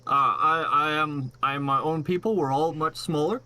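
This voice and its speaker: A man's voice: fairly high pitch, steady tone, normal speed, bright, forceful tone. A man playing a flustered young male halfling who stammers and corrects others defensively.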